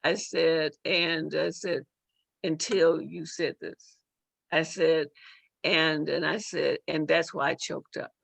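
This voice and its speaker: A woman's voice: sits low, steady tone, slow pace, creaky, a bit bright, dry recording. A middle-aged woman, a judge and author, telling a personal story as an interview guest, emotional and full of repeated words and restarts. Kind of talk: storytelling in a talk-show interview.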